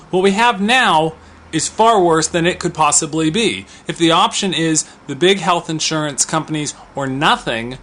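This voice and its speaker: A man in his thirties delivering an impassioned opinion monologue to camera. His voice sits a little on the high side for a man, and he talks in an outspoken, conversational way, restarting sentences as he builds his case. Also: fairly bright tone. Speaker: vlogger.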